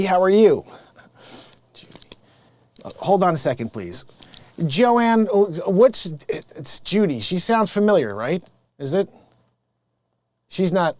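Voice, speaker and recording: A man plays a sleazy phone scammer who sneers at his coworkers and sweet-talks his marks. The voice sits high and jumps around a lot. It is recorded close with no room sound. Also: no room sound. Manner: smug, mocking, laughing at his own lines. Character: sleazy male phone scammer boss posing as tech rebate agent. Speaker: improv comedian. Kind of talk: improvised comedy sketch.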